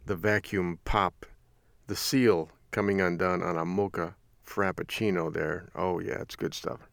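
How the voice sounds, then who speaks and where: Gravelly-voiced folksy male host. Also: low-pitched, steady tone, a little slow, a bit bright, no echo. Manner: folksy storytelling with frequent laughs. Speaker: radio host. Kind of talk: casual chatty monologue.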